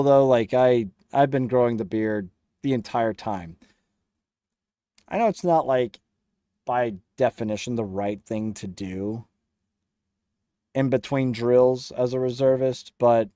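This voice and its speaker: A man's voice: medium pitch, mellow, dry recording, clean studio sound. A young man hosting a casual livestream, reading chat aloud and teasing viewers with a laugh.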